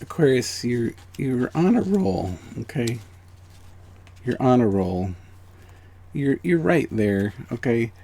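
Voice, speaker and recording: Earnest man with a lively, swinging voice. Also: medium pitch, takes it slowly, pauses often. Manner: earnest, encouraging, drops to hushed near-whispers then rises to excited emphasis; repeats phrases and checks in with "okay?". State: emotional. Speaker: angel card reader. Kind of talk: spiritual reading addressed to viewers.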